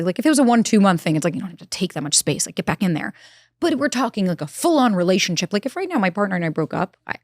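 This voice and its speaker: A woman speaking as a relationship expert in a candid interview, telling stories quickly and swearing casually. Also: on the low side, no echo, clean studio sound. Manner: fast, animated storytelling with casual swearing. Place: Los Angeles.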